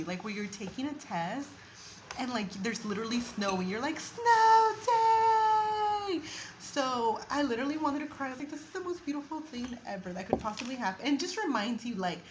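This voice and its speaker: Bubbly young woman vlogging, faint noise. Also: mid-range voice. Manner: bubbly, gushing, says "like" a lot. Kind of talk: casual vlog chat and tour narration. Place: outdoors and in historic buildings while touring.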